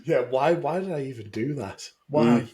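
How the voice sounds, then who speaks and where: A man's voice: mid-range voice, expressive, normal speed, warm tone. A man co-hosting a casual beer podcast, chatting with many restarts and bursts of laughter. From Scotland. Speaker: podcast co-host. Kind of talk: casual chat.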